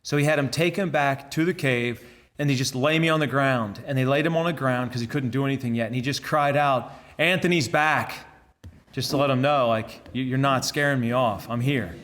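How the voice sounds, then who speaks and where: A friar gives a conversational conference talk to a lay audience. This man tells stories earnestly, repeating words and restarting sentences as he thinks aloud. His voice sits at an ordinary male pitch. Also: brisk, fairly bright tone. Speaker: friar giving a conference to laypeople. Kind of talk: conversational sermon.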